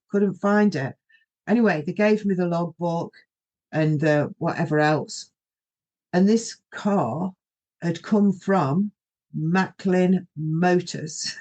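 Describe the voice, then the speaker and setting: A woman's voice: lowish voice, a little mellow. A middle-aged woman, hosting a podcast and telling a personal story in a rambling, anecdotal way, often quoting herself. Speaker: podcast host.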